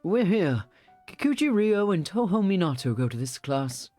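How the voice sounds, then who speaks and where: A man's voice: sits high, sing-song, normal speed, darkish tone, faint music behind, pitched above the performer's own voice. A man voicing a timid young male student in a fake British accent, reading a visual novel aloud. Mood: polite.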